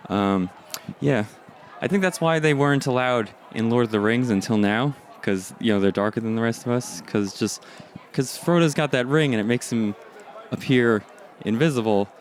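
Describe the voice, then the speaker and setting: A man's voice: medium pitch, normal speed. A man starting a stand-up set, hesitant and mock-defensive. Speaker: stand-up comedian. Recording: faint outdoor street noise.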